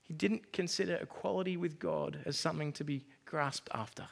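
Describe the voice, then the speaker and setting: A man's voice: fairly high pitch, fairly quick, creaky. A male pastor preaching a sermon in a conversational, self-deprecating way.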